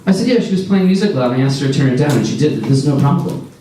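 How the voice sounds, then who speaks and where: A man's voice: on the high side, expressive, very fast, warm tone, a little hiss or hum. Stand-up comic in his forties, echoey club. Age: 40s. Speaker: stand-up comedian. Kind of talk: stand-up comedy set. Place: comedy club stage. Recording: echoey club sound from a distance. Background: audience laughter.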